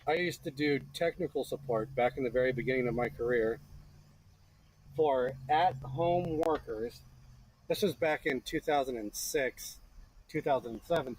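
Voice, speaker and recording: A man in his thirties telling a lively story to a friend in a workshop, acting out the voices of the people in it. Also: mid-range voice, slight background noise, low-quality recording. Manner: animated, acts out voices in his stories. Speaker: blacksmith teaching a friend. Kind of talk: casual storytelling. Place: forge workshop.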